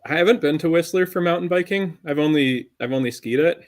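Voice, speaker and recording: A man's voice: a little high, brisk. A man from western Canada, a podcast guest, chatting easily and restarting phrases as he thinks. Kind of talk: casual chat.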